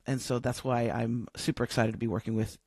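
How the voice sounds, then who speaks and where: A woman's voice: very deep voice, a little fast, breathy edge, no room sound. Dry-voiced woman telling a story. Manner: lively storyteller who acts out quoted dialogue. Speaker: podcast guest, coach. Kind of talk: casual storytelling interview. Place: home, living in Australia.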